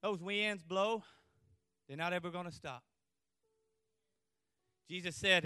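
A man preaching a fervent revival sermon, repeating refrains and letting out whooping shouts. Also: sits high, fairly even intonation, takes it slowly, pauses often, clean tone, no room sound, clean studio sound. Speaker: pastor.

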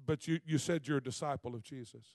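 A middle-aged man, preaching a sermon in a folksy, animated way full of rhetorical questions. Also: medium pitch, quick pace, no echo. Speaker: visiting preacher.

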